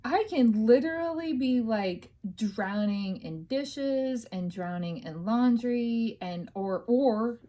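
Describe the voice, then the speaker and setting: A woman's voice: fairly high pitch, expressive, takes it slowly, hardly any pauses, mellow. A woman hosting her own podcast from her home office, talking casually and venting in a rambling way with lots of fillers. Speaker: podcast host. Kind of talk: casual personal chat.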